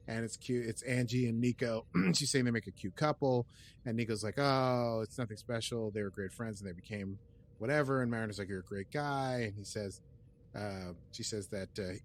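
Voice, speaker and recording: Rambling man recapping a show. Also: mid-range voice. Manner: rambling, with frequent fillers and restarts; plays out characters' lines in quick quoted asides. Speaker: podcast host. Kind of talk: casual episode recap.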